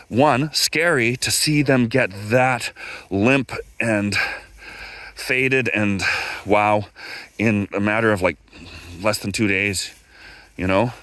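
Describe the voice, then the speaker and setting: A man's voice: fairly bright tone, dry recording. Rambling Canadian man, dry close sound. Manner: rambling, digressive, many fillers and restarts; acts out quoted dialogue with raised pitch. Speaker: guest speaker, former electrical instructor. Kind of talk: casual storytelling talk.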